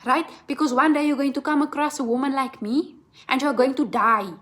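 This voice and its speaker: High-voiced woman in a blunt tarot rant. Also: a little fast, fairly bright tone. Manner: blunt, profane, repeats "right?". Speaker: tarot reader. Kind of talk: impassioned tarot reading rant.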